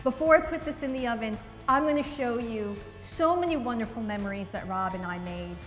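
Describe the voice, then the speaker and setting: A woman's voice: on the high side, animated, fairly quick, big-room sound, music in the background. A woman from New Jersey, chatty and upbeat, talking through a recipe in a casual cooking vlog. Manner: chatty and upbeat, laughs easily.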